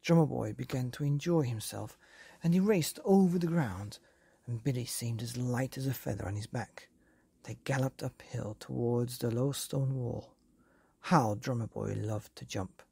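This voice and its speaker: A woman reading a bedtime story aloud in a calm, even way, with a gravelly, husky voice. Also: extremely low pitch, measured pace, no room sound.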